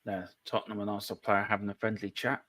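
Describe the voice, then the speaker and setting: Male guest fan on a watchalong, low-pitched, dry mic, cheeky banter. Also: quick pace, dry recording. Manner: joking, animated, puts on silly voices. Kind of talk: casual live football watchalong chat.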